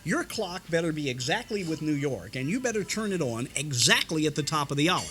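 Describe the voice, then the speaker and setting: An older man from Indiana spins radio-days anecdotes in a high, lively, bright voice. He slips into quick voice impressions and sound effects as he goes. Faint music plays behind him in a restaurant. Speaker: veteran radio broadcaster. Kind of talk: anecdotal storytelling.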